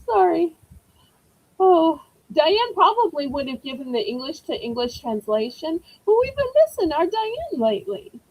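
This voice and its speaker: A woman's voice: very high-pitched, big pitch swings, moderate pace, lo-fi sound. A woman with a Southern accent hosting a live-stream auction, chatting in a folksy way and greeting viewers by name.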